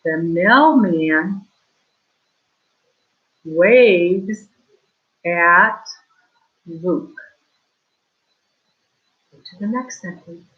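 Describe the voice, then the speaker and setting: Woman teaching kindergarten reading online, slow and sing-song, lots of "ready? begin", muffled lo-fi sound. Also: fairly low pitch. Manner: slow, exaggerated reading aloud with prompting questions. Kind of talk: remote reading lesson for young children. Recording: dull lo-fi online class audio.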